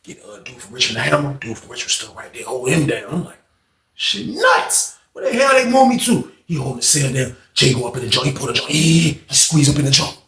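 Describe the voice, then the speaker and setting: A man's voice: mid-range voice, fast, echoey room, crowd noise. A man hosting a casual storytime vlog, telling it loose and slangy, saying "man" often. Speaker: storyteller host.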